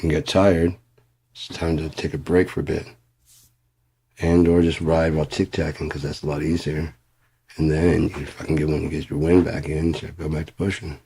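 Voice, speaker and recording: Deep-voiced man in his fifties ranting. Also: level tone, normal speed, breathy edge. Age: 50s. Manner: heavy swearing, rambling, mutters low then flares up loud. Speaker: vlogger. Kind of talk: casual profane rant.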